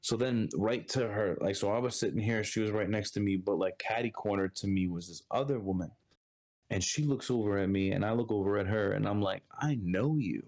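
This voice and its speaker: A man's voice: fairly low pitch, steady tone, brisk, a little mellow. A man from Brooklyn with a New York accent, a podcast guest in his thirties telling a story in casual conversation and acting out other people's lines. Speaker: podcast guest, Marine Corps reservist.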